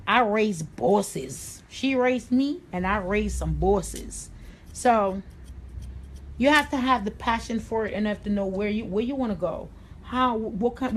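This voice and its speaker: A woman's voice: mid-range voice, slight background noise. Middle-aged woman, New York accent, blunt salon-owner teacher, mid-range voice. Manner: blunt, confident, streetwise, with Southern-tinged slang. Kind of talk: livestream haircut tutorial.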